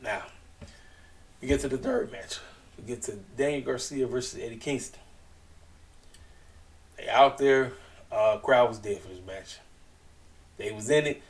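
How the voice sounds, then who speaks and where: A man's voice: medium pitch, measured pace, pauses often, distant mic. A man giving a casual, slangy wrestling show recap, chatty and acting out what people said. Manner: chatty, slangy, retells scenes in quoted voices.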